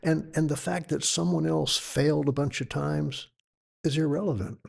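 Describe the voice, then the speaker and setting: An older man, a yoga teacher appearing as a podcast guest, telling stories in an animated, conversational way with a gravelly voice. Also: moderate pace. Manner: animated storyteller, lively pitch shifts. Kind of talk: storytelling conversation.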